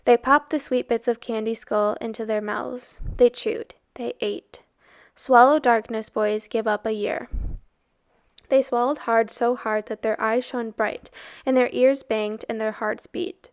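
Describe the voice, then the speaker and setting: A woman reading a novel aloud in a steady, expressive storytelling way. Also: on the high side, a little slow, dry recording, clean studio sound. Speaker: reader.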